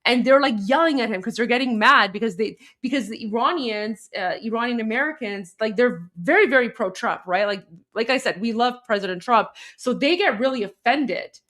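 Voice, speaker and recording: A woman co-hosting a casual political commentary, talking over video clips in a chatty, animated way with many fillers and restarts. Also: on the high side, a little fast, few pauses.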